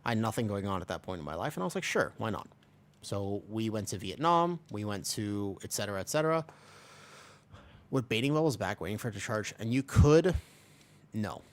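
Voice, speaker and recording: An American livestreamer, a young man, plays a game while chatting casually with viewers, rambling and joking as he responds to chat. His voice is lowish, fairly quick, with lively intonation.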